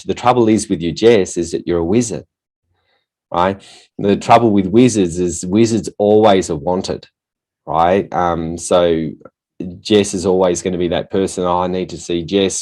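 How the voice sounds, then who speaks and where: Very deep-voiced male podcast host. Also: darkish tone. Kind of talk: podcast interview.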